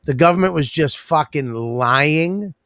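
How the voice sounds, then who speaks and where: A man's voice: fairly high pitch, animated, a little slow, a bit bright, no room sound, clean studio sound. A man co-hosting a podcast, ranting in a profane way and laughing through his lines in casual chat. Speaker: podcast co-host.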